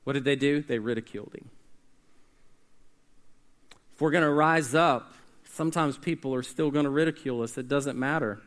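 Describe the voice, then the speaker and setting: A man preaching a sermon, swinging between hushed, slow stretches and loud, emphatic calls, and getting the congregation to answer back. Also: mid-range voice. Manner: call-and-response with the congregation. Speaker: pastor.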